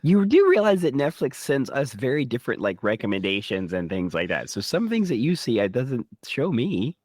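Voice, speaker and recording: A man's voice: medium pitch, very animated, normal speed, a little mellow, no room sound, studio quality. A man co-hosting a podcast, chatting casually in a wry, teasing way. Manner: wry, teasing, laughs easily. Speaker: podcast co-host. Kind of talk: casual chat.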